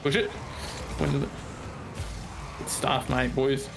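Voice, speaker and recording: A man giving excited, joking commentary while playing a game with a friend, throwing in mock-British slang. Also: mid-range voice, takes it slowly, vocal fry, music in the background. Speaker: gamer streaming with a friend.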